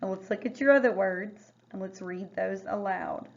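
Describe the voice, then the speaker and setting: A woman teacher leading a phonics lesson, sounding out words slowly and carefully. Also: medium pitch, gravelly. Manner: slow, careful word-by-word sounding out. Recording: dull lo-fi recording.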